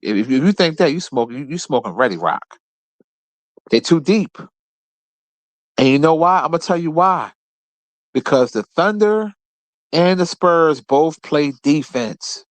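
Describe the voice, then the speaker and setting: An animated man hosts his own show, trash-talking basketball rivals in a blunt and profane casual rant. His voice sits a bit high and swings widely up and down. The sound is dry and close. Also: unhurried, long pauses, dry recording. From Philadelphia area. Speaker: host.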